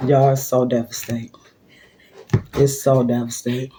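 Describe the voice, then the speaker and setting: A woman's voice: a bass voice, little pitch movement, moderate pace, warm tone, a little hiss or hum. An older woman, a grandmother, chatting and rambling through a story while eating lunch at home for her vlog, recorded on a phone. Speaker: vlogger. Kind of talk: casual mukbang storytelling.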